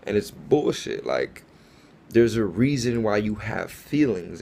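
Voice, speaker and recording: Gravelly, deep-voiced man telling a story. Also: darkish tone, a little hiss or hum. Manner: casual, earnest, lots of fillers like "like" and "bro". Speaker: faith testimony speaker. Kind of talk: personal faith testimony, storytelling.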